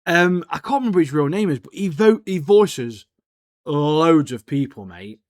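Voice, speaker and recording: A man's voice: a little high, expressive, moderate pace, darkish tone, dry recording. Jokey man on a dry mic. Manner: laid-back and jokey, ends phrases with "mate". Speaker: podcast co-host. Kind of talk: casual banter about anime and TV.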